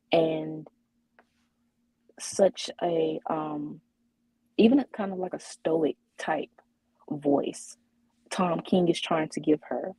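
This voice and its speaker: A woman co-hosting a podcast talks slowly and thinks out loud, with many ums and restarts. Her voice is low and mellow with a husky edge. The sound is dry and close. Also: dry recording, rough recording. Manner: hesitant, many fillers and restarts. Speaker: podcast co-host. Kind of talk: casual chat.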